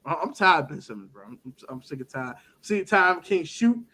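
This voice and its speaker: A man co-hosting a casual sports talk show, animated and laughing often as he acts out other people's words. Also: fairly high pitch, quick pace. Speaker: podcast co-host.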